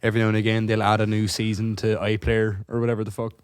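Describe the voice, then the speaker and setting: A lowish-voiced man, chatting casually as a podcast co-host. He gets animated and swears his way through a funny story. The recording is dry and close, with no room sound. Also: fast talker, clean tone, no echo. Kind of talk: casual chat.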